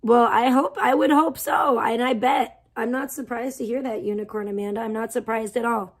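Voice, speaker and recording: A woman's voice: a little high, steady tone, moderate pace. A woman hosting a livestream, ranting heatedly with constant swearing and insults. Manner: profane, heated, venting. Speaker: livestream host. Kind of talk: angry livestream rant.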